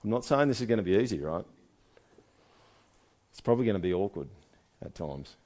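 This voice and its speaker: A man's voice: lowish voice, expressive, brisk, a little mellow. A man preaching a sermon in a conversational way, asking his listeners one rhetorical question after another. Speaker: pastor.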